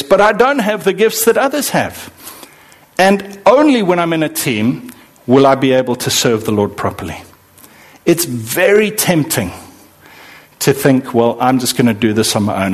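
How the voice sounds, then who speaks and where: A middle-aged man preaching a sermon, emphatic, acting out the voices he quotes. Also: a little high. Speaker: pastor.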